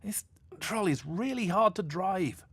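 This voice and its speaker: A man doing an excitable boy. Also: sits high, measured pace, breathy edge, dry recording, voice pushed up, full character voice. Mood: flustered. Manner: bright, shouty and excitable. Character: lonely, eager young boy, kind-hearted.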